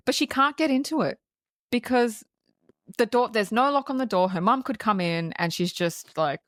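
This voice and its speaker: A woman's voice: mid-range voice, expressive, normal speed, fairly bright tone, no echo, studio quality. A woman co-hosting a film review podcast, chatting casually, swearing a lot and acting out lines from the film. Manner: swears freely, acts out quotes, laughs often. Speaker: podcast co-host.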